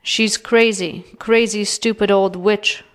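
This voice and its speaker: A woman's voice: mid-range voice, slow, vocal fry. A woman voicing an old grandfather ranting angrily about his wife. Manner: ranting, shouting. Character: angry old grandfather, shouting and exasperated.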